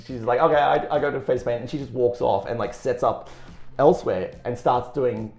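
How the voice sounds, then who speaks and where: A man's voice: mid-range voice, moderate pace, darkish tone, echoey room, soft background music. A man in his thirties telling a story in casual chat, rambling and self-deprecating, with lots of restarts and swearing. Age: 30s.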